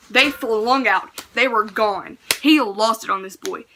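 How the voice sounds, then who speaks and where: A young woman vlogger telling a personal story in casual chat, full of fillers, swinging from hushed asides to loud outbursts. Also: a little high, takes it slowly, hardly any pauses, noisy background. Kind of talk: storytime vlog.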